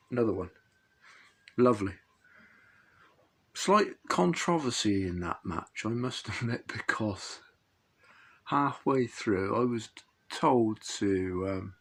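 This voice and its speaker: A middle-aged man hosts his own fishing channel, spinning a long anecdote in a casual, wandering way. He chuckles and corrects himself often. His voice is low, gravelly and slightly husky. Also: lively intonation, slow pace, pauses often, fairly bright tone. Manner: rambling, chuckling, self-correcting.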